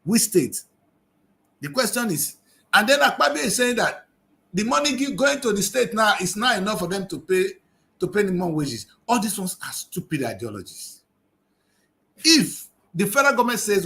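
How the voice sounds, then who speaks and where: A man's voice: sits high, very animated, fairly quick, fairly bright tone. A man giving impassioned political commentary on a TV review show, scolding and firing off rhetorical questions.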